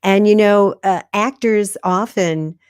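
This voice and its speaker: A woman's voice: mid-range voice, takes it slowly, clean tone, no room sound, clean studio sound. A woman guest coaching about video, talking in a casual, encouraging way on a video call. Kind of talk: casual live interview chat. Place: room at home.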